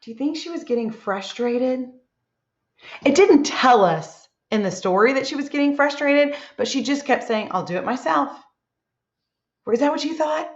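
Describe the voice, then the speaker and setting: Teacher lady reading lesson for little kids, higher voice, echoey classroom. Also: expressive. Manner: slow, encouraging, asks many tag questions. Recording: echoey room, dull lo-fi sound.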